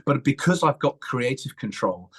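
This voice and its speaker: An English man in middle age, a puppeteer and panto performer, chatting in an interview and telling lively anecdotes, acting out voices as he goes. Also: mid-range voice, normal speed, husky. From England. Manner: animated, acts out voices in his anecdotes. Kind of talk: casual interview storytelling.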